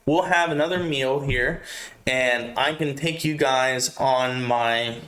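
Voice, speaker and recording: A man's voice: medium pitch, slow, fairly bright tone. A man doing a blunt old hobbit farmer. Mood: helpful. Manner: blunt, homely country talk. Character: gruff old male hobbit farmer, protective.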